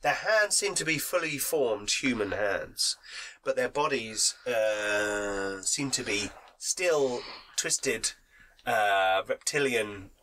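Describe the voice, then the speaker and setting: A man's voice: mid-range voice, animated, slow, noisy background. A man with a cold, running a tabletop game as game master and narrating the scene with a laugh in his voice. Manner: laughing, playful scene-setting. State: has a cold.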